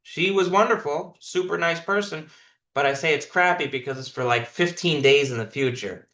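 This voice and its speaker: A man's voice: a little high, moderate pace, pushed and bright, reverberant. A man leading a sales team meeting on a call, coaching his callers directly and repeating key points for emphasis.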